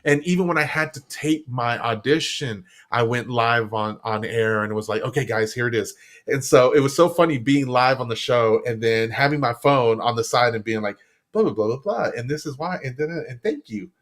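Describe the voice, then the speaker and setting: A man, a guest on a live stream show, chatting casually and acting out the quotes in his stories. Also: moderate pace. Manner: animated storyteller, acts out quotes with big pitch jumps. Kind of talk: casual interview chat. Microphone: live stream setup.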